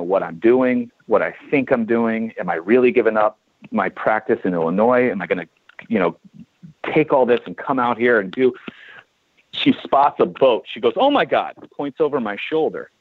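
A chiropractor in his forties from California tells a story as a guest in a casual interview, acting out the dialogue. His voice is lowish, heard over a dry, tinny, phone-like line.

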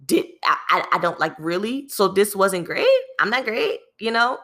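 A woman telling a work story in casual vlog fashion, animated, speaking to her listeners as "y'all" with lots of "you know" and repeated phrases. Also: mid-range voice, fairly quick, few pauses. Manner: frequent fillers and repeated phrases.

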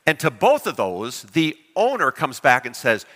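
Guy pastor preaching, bouncy lively voice, bright tone, lots of hall echo. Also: mid-range voice, measured pace. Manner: animated, questions the congregation. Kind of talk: sermon.

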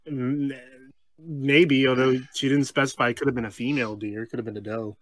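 A man co-hosting a comedy podcast, reading a strange story aloud, breaking off for deadpan asides and laughing mid-sentence. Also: mid-range voice, a little fast, no room sound. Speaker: podcast co-host.

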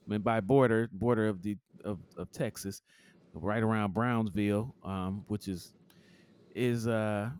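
A man co-hosting a podcast in casual chat, teasing the others and jumping high in pitch when he laughs. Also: fairly even intonation, measured pace, darkish tone, clear, resonant tone, dry recording, clean studio sound. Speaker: podcast co-host. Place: somewhere warm, at home.

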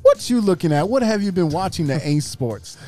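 Relaxed joking man, mellow voice. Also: high voice, fairly quick, faint music behind. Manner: loose, joking, lots of restarts. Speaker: co-host. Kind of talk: casual chat.

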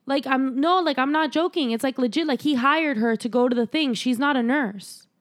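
A woman's voice: high voice, normal speed. A young woman casually recapping a horror movie with a co-host, chatty, laughing often and swearing freely. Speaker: podcast co-host.

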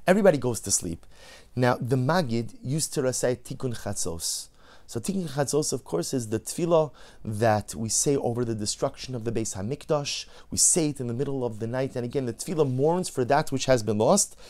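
Male preacher, storytelling sermon, emphatic and animated delivery. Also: mid-range voice, a little fast. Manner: animated, rising to emphatic peaks, acting out quoted voices. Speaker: rabbi giving a Torah lecture.

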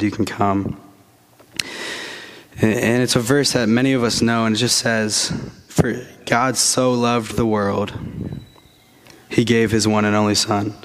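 A man preaching a sermon to his congregation, earnest, with frequent restarts, and slowing down to stress key phrases. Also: fairly low pitch. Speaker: pastor.

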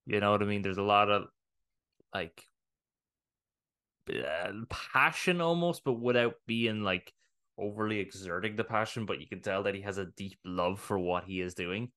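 A young adult man co-hosting a podcast in casual chat, excitable and rambling, casually swearing. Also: on the low side, moderate pace, clean tone. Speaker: podcast co-host.

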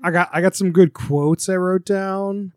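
A man's voice: high voice, unhurried, clean tone, no room sound, clean studio sound. A man hosting a casual podcast chat, reading out quotes and joking with his co-hosts. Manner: lively, reading out quotes with a laugh. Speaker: podcast host.

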